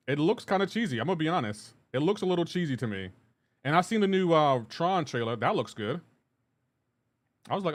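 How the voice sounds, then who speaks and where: A man's voice: a little high, expressive, quick pace. Laid-back man chatting on a game stream. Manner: laid-back, reads chat messages aloud and answers them; rambling with frequent restarts and asides to gameplay. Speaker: live streamer. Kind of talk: casual gaming livestream chat.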